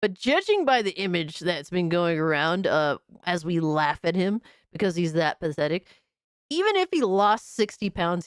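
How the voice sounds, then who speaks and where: A woman's voice: fairly low pitch, smooth, dry recording, clean studio sound. A woman hosting a gaming stream, mocking a video in casual, profane reaction commentary. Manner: mocking, profane, laughs at the clip.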